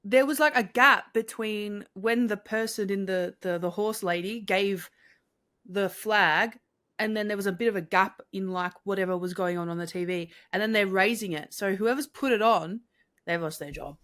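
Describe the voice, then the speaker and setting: A young woman, co-hosting a casual chat, enthusiastic and quick to laugh. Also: mid-range voice, a bit bright. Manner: chatty, laughs often, enthusiastic. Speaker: podcast co-host.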